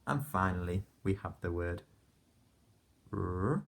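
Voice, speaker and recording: Sounding out letters one at a time, a male primary school teacher works slowly through a phonics lesson with young children, praising them patiently. His voice sits low, and there's slight noise in the background.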